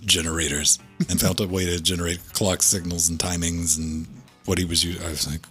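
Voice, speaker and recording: A man's voice: low voice, level tone, fairly quick, pushed and bright, soft background music. A man co-hosting a gaming podcast, talking casually in a rambling way, swearing and laughing as he goes. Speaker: podcast co-host.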